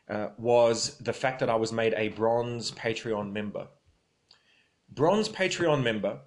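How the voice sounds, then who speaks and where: An Australian man livestreaming from his phone in a rambling, casual monologue, reading out viewer comments as he goes. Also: mid-range voice.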